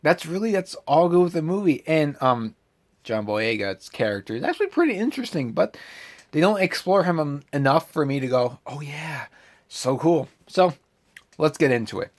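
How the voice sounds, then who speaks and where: Guy reviewing a movie on his channel, pitch all over the place, fed up and ranting. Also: normal speed. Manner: animated, exasperated ranting. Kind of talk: casual vlog movie review.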